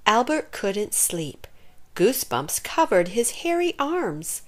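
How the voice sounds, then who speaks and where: A woman reading a children's picture book aloud in an expressive storytelling manner. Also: mid-range voice, takes it slowly. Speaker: storybook reader.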